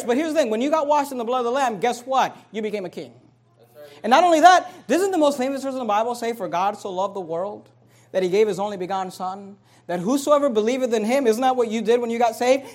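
A man preaching a fiery sermon, reading scripture slowly and swinging between loud bursts and low asides. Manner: reads scripture slowly with emphasis. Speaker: pastor.

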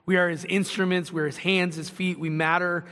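A man's voice: high voice, little pitch movement, normal speed, bright, forceful tone, long reverb tail. A man preaching a sermon as pastor, earnest and conversational, building to passionate emphasis.

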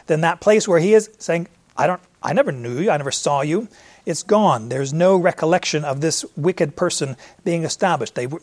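A man's voice: on the high side, no room sound. A man teaching a conversational Bible study, working through verses, often restarting phrases and paraphrasing the characters. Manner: explains verse by verse with frequent restarts and paraphrased quotes.

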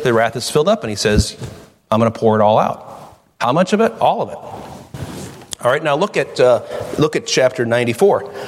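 A man preaches in an ordinary mid-range voice, reading old scripture aloud before breaking into plain, conversational talk. His voice rings out with a long reverb, as in a church sanctuary. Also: mid-range voice. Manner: reads scripture then talks through it conversationally. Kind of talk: sermon.

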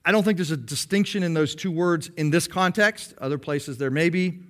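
A man preaching a sermon to his congregation, explaining patiently and slowing down to stress key phrases. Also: fairly high pitch. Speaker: pastor.

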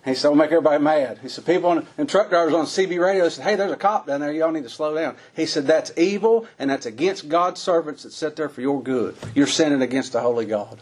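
A man preaching a folksy sermon, his voice climbing high on the emphatic lines. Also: quick pace, hardly any pauses, a little mellow.

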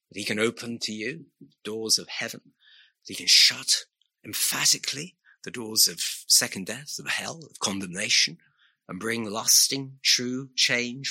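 Male preacher, bright ringing tone, earnest, asks pleading questions throughout a sermon. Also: medium pitch, husky.

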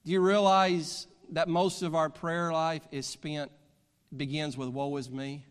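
A man's voice: on the high side, flat delivery, a little slow, smooth. A male preacher, delivering a sermon, reading scripture aloud and building to fervent preaching. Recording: long hall reverb.

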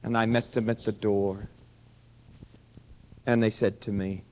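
An older man preaching a sermon as pastor, dropping to a hush and then rising to loud, pressing questions at his congregation. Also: lowish voice, level tone, measured pace, pauses often, slight background noise, low-quality recording. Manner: swings from hushed to loud preaching.

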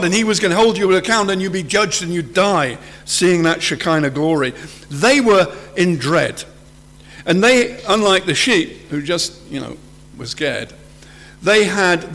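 A man with a high voice delivers an earnest sermon. He reaches even higher when he acts out a terrified figure. His words ring out with a long hall reverb behind them. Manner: earnest, rises high to act out quoted fear. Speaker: preacher.

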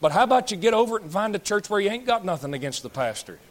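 This is a fiery sermon from a pastor in his thirties whose high-sitting voice comes out rapid-fire and very animated. He's folksy and frank, scolding and ribbing his congregation by turns.

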